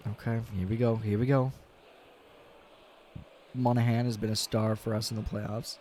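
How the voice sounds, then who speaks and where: A young man streaming a hockey video game, casually commenting, swearing a lot and yelling at big plays, tired and yawning. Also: on the low side, normal speed, slight background noise. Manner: excitable, swears often, yells at big plays. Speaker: gaming streamer.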